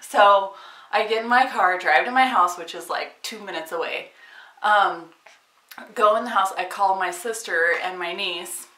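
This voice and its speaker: A woman tells her story to the camera in a loose, chatty way, full of fillers and laughing often. Her voice is bright, and the room around her is echoey. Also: medium pitch, a little slow, distant mic. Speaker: vlogger.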